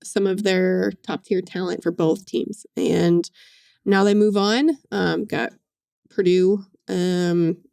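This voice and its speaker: A woman sports reporter co-hosting a podcast, talking casually in a halting way with many "um"s. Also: lowish voice, steady tone, gravelly, warm tone, smooth. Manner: halting, many "um"s, uneven pace.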